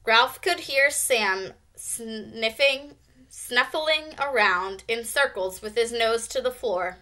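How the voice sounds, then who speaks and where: A woman teacher narrates a children's chapter book aloud in a slow, expressive storytelling voice. Her tone is bright and clear, set a little high.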